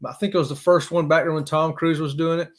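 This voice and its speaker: A fairly high-voiced man chats casually on a live stream. He rambles, chuckles often and calls out to viewers by name. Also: fairly even intonation, quick pace.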